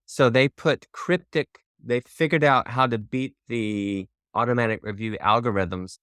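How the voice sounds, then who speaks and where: A man's voice: mid-range voice, unhurried, a bit bright, clean tone, no echo, studio quality. A man in his fifties, a podcast guest chatting candidly and laughing easily. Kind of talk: casual podcast conversation.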